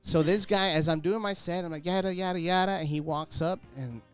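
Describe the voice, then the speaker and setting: Comedian guest, male, a bit high-pitched, lively storyteller, bilingual slang. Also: fairly quick, clear, resonant tone, faint music behind. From Texas Rio Grande Valley. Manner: animated, acts out voices in his stories, mixes in Spanish slang. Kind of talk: casual storytelling on a podcast.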